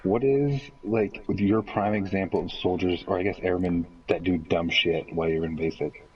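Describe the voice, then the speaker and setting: A man in his thirties with a deep voice he puts down to the army and smoking, chatting casually while gaming. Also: steady tone, moderate pace, distant mic, highs cut off. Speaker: co-player.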